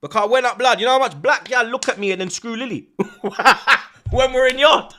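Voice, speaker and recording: Bright, slangy streamer. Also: male voice, extremely high pitch, normal speed. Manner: animated, swears often, heavy slang. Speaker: livestream host. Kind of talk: casual storytelling chat.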